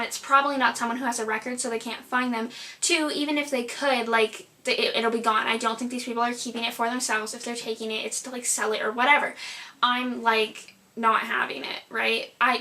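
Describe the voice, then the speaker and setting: A young adult woman tells a storytime vlog tale. Her voice sits a little high and sounds bright and forward. Her delivery rambles and is packed with filler "likes". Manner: rambling, filler-heavy retelling, lots of "like". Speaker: vlogger.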